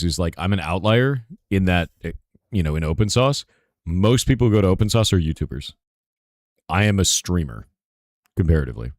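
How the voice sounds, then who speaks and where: A hoarse man streaming live, answering chat in a rambling casual way with lots of "right?" asides. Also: sits low, a little mellow, dry recording, clean studio sound. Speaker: streamer and game developer.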